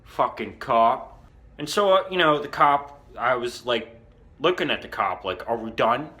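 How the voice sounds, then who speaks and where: Bright-voiced, indignant rambling man. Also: mid-range voice, very animated, measured pace. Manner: indignant, rambling, profane, lots of fillers. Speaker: comedian in character. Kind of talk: rambling comic monologue.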